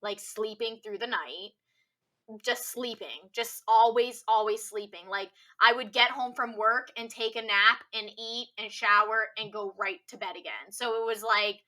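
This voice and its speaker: A young woman telling a personal story on a podcast, rambling casually with constant "like" fillers and a soft, subdued delivery. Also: on the high side, a little slow. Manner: rambling, heavy use of "like" filler.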